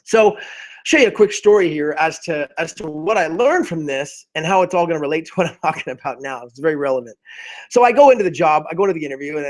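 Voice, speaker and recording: A man speaking as a motivational speaker to a group call, telling a personal story with lively bursts and frequent restarts. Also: on the high side. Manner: animated, acts out his past self in quotes, many restarts.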